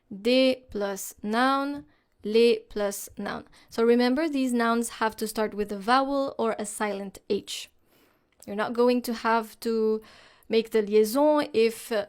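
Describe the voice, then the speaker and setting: Slow, careful woman teaching pronunciation. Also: fairly high pitch. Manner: slow and deliberate, models words for repetition. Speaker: French teacher. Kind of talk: slow instructional explanation.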